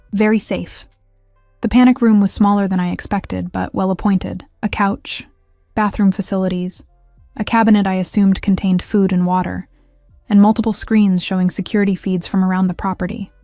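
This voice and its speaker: Woman narrating an audiobook, flat and mellow. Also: mid-range voice, brisk, dry recording, studio quality, soft background music. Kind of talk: first-person audiobook narration.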